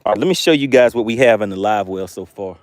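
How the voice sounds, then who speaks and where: A man with a fairly low voice talks fast, recorded clean in a studio with no room sound. He hosts a live fishing stream from a boat on a lake, playfully joking with chat, reading viewer comments aloud, and hyping his catches with made-up words.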